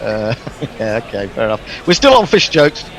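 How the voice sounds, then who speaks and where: A man's voice: lowish voice, big pitch swings, normal speed. A man co-commentating on live cricket and reading out listener messages, musing and chatty, with hesitant fillers. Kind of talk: live sports commentary chat.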